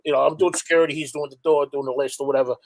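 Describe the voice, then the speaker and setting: Rapid-fire and steady in tone, this fairly high-pitched middle-aged man speaks with a New York accent. As a guest hardcore musician, he chats casually and rambles through profane stories, on a recording of low quality.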